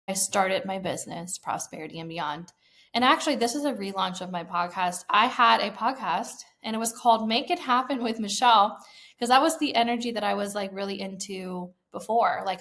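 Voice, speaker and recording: A woman in her thirties talks through her own story on a solo podcast. Her voice sits at a middling pitch, and she sounds enthusiastic and heartfelt, dropping casual fillers as she goes. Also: a bit bright. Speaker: podcast host. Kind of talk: personal storytelling monologue.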